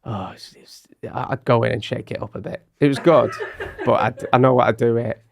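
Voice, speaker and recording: Jokey chatty man, gravelly voice. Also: medium pitch, steady tone, fairly quick, slight background noise. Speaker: podcast co-host. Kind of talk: casual chat.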